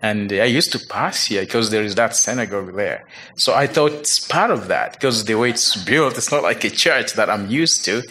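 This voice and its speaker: A man from Uganda with a Ugandan accent gives a personal testimony, retelling events quickly and acting out the dialogue with chuckles. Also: lowish voice, animated, sharp tone. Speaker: church member giving testimony.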